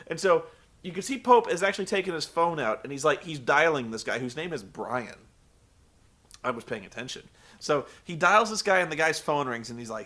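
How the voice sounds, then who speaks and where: A man's voice: fairly high pitch, a little fast. A man recapping a show in a sarcastic, profane comedic style, acting out the people in it. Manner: sarcastic, swearing, animated storytelling.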